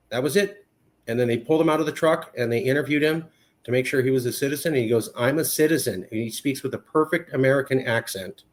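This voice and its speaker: A man talking as a podcast guest, impassioned and emphatic, hammering his points home through repetition. His voice sits in a middle register and climbs as he pushes an argument. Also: mid-range voice. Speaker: podcast guest, movement advocate. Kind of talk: heated conversational argument.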